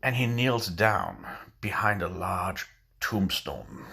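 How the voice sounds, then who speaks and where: Slow, gravelly-voiced man telling a joke. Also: low-pitched. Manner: drawn-out, relaxed pacing with fillers. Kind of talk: storytelling a dirty joke.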